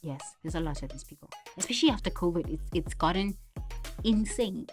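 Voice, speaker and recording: A woman giving an animated spiritual monologue to camera, often laughing and mimicking others. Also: on the low side, a little fast, faint music behind. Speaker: vlogger.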